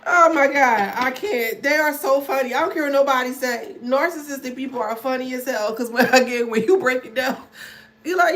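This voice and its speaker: A woman's voice: high-pitched, normal speed, fairly bright tone. A woman giving a casual spiritual card reading on video, laughing often and affectionately calling the listener "baby". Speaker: spiritual tarot reader.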